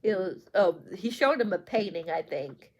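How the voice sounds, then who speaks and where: A woman's voice: fairly low pitch, lively intonation, normal speed, a little mellow, dull audio. A woman chatting casually as she reviews a book, gushing and effusive, a little teary. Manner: gushing, effusive, many fillers.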